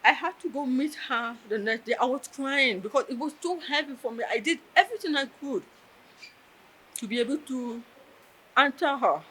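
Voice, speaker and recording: Woman, emotional, earnest, bright tense tone, high-pitched. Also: expressive, moderate pace, slightly rough, rough recording. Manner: earnest, emotional, tells with quoted dialogue. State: close to tears. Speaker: interviewee. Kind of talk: personal storytelling interview.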